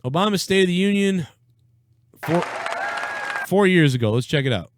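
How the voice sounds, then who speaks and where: Over crowd noise and other background sound, a young man with a high-sitting voice hosts a casual political reaction stream at a moderate pace. He's animated, blunt and sarcastic, with plenty of swearing.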